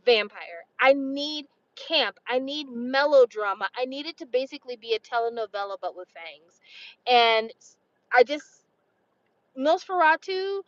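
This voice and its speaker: A woman's voice: on the high side, no echo, muffled recording. A woman in her forties talking casually to camera, blunt and opinionated, swearing freely. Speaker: vlogger.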